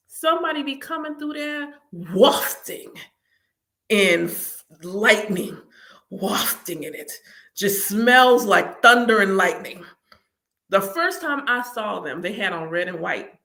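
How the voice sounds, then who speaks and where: Woman, channel host, casual storytelling, animated, laughs often, bright tense voice. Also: mid-range voice. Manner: animated, laughs often, acts out her own reactions.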